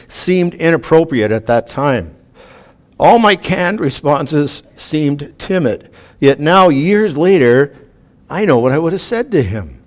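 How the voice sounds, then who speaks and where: A man's voice: on the high side, darkish tone. A man preaching a sermon to a room, earnest, reading scripture aloud with emphatic rises.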